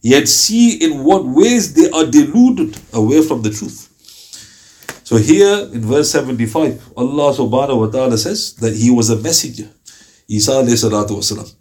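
A man teaching a Ramadan Quran commentary class, telling stories lively and reciting verses in Arabic. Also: medium pitch, normal speed.

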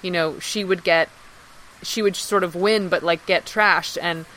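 A woman's voice: on the low side, measured pace, a little hiss or hum, rough recording. A woman guest on a podcast telling an anecdote in casual talk, acting out what people said. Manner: lively anecdote-telling, acts out quoted speech. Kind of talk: casual storytelling.

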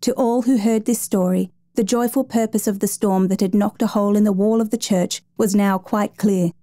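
A woman reading a story aloud in a measured, gentle storytelling manner. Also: mid-range voice, fairly even intonation, no echo. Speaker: narrator. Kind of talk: scripted story narration.

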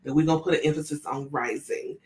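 A woman's voice: low voice, flat delivery, fast, a little mellow. A woman reading oracle cards in a casual live session, chatty and often checking in with her listeners. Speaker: spiritual oracle card reader. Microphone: camera on tripod with ring light.

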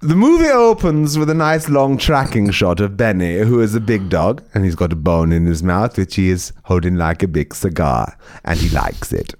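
A man reading absurd comic stories aloud, excitable and swearing, laughing at his own jokes. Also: sits low, normal speed. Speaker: comedian storyteller. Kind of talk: comic story reading on a podcast.

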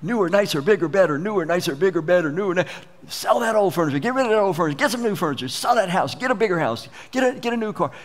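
A man voicing a pushy voice of consumer culture, urging people to buy in an insistent, chanting sales pitch. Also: animated, very fast.

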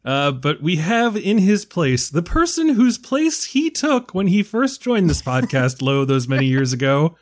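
A man with a fairly high speaking voice hosts a relaxed film podcast. He jokes freely and rambles through stories of past conversations. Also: unhurried, few pauses. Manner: joking, rambling, retells conversations. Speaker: podcast host. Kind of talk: casual film podcast chat.

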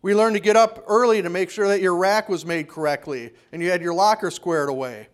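A man preaching a sermon, telling a story from his own time in the army and lowering his voice to quote a drill sergeant. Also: brisk. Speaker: pastor.

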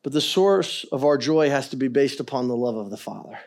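A middle-aged man preaching a sermon as pastor, swinging between quiet earnest stretches and loud, impassioned ones. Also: medium pitch, animated, fairly quick.

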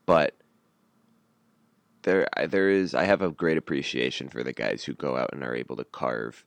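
Very deep gravelly man, casual sports chat. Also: moderate pace, no echo. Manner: blunt, wry, builds into animated rants. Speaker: podcast co-host.

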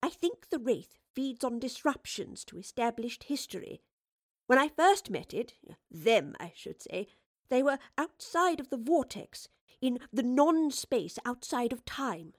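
A troubled female scholar thinks aloud in an earnest, measured voice, as a woman reads her part. She sounds reflective and weighed down. The audiobook recording is dry and close. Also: high-pitched, sing-song, dry recording, voice pushed up, exaggerated voice. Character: thoughtful, troubled female time-traveling scholar.

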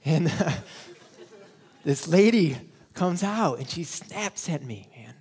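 Conversational preacher man with a higher voice. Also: animated, measured pace, darkish tone, slightly rough, big-room sound. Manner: conversational, storytelling, often laughing at himself. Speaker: pastor. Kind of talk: sermon.

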